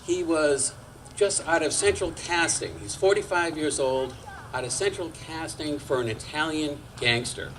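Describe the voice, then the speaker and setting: Older male storyteller, sixties, wry and chatty, slightly high voice, faint hiss behind. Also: unhurried, fairly bright tone, low-quality recording. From Massachusetts. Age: 60s. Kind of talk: personal storytelling on stage. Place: community storytelling night before an audience.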